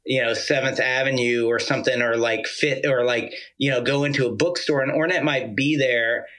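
A man from Georgia, a musician guest, telling a rambling, animated story full of "like" and casual swearing. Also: medium pitch, normal speed, low-quality recording.

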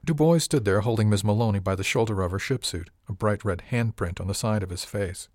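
Low-voiced male audiobook narrator, dry. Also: brisk, hardly any pauses, darkish tone, dry recording. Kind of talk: scripted first-person narration. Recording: dry close recording.

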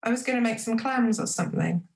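A woman's voice: on the high side, quick pace, gravelly, darkish tone, voice pushed up. A woman reading aloud from a novel, voicing an offhand, menacing young man who is a casual lover. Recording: roomy echo.

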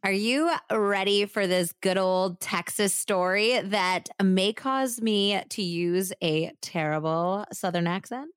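A woman's voice: medium pitch, slow pace, few pauses, clear, resonant tone, dry recording, studio quality. A woman co-hosting a true crime podcast, telling the story with dramatic flair and joking between segments. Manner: dramatic storytelling, playful banter.

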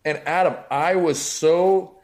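A man's voice: a little high, takes it slowly. A middle-aged man, a comedian guest, telling comic stories on a podcast and acting out the voices of the people in them. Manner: animated, acts out voices, rising excitement.

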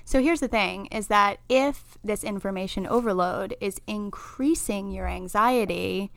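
A woman therapist co-hosting a podcast, explaining ideas in a calm, steady way and often checking in with "right?". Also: mid-range voice, unhurried, gravelly, hardly any pauses, no room sound. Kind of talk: casual chat.

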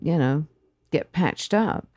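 Guest, woman, low voice, soft-spoken and supportive; dry sound. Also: expressive, slow, breathy edge, no room sound. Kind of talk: casual chat.

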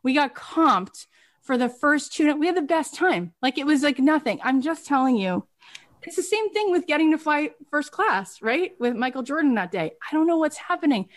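Animated woman coach telling stories. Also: sits high, normal speed. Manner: animated, emphatic storytelling. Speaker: business coach. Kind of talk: coaching talk.

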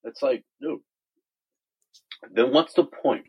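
Male podcast co-host, husky, lo-fi audio, animated casual chatter. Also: mid-range voice, slow pace. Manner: animated, repeats words, mimics others. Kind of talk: casual chat.

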